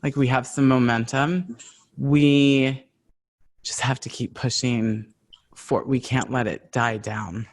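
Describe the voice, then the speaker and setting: A man hosts a relaxed podcast conversation at a medium pitch. He talks earnestly and reflectively. He asks his guest open questions to draw her out. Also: slow. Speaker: podcast host.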